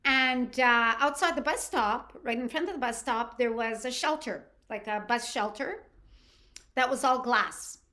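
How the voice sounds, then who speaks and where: With a slightly high voice and an unhurried delivery, a middle-aged Canadian podcast host recounts a personal story. She's casual and animated, restarting her sentences often.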